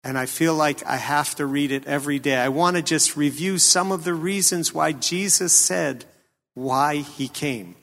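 A man preaching a sermon, earnest and questioning, with a slow, emphatic delivery. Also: on the high side, vocal fry, fairly bright tone. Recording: long hall reverb.

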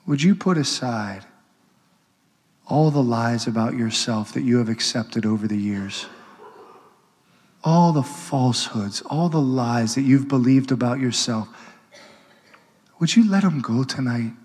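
A man, a Catholic priest, preaching a sermon with passion, building to loud urgent peaks and dropping to hushed, intimate pleading. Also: medium pitch, a little slow, long pauses. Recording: long hall reverb.

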